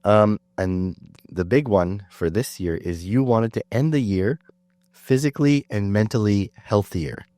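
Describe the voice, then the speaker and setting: A Canadian man hosting a casual podcast while sick, chatting in a relaxed, self-deprecating way with plenty of fillers. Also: fairly low pitch, unhurried, no room sound. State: sick, under the weather. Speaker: podcast host. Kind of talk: casual chat.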